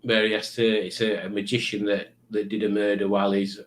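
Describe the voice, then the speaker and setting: A man's voice: lowish voice, little pitch movement, a little fast, a little hiss or hum. A middle-aged man, hosting a live quiz stream in a chatty, rambling, teasing way. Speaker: livestream quiz host. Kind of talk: casual live-stream chat.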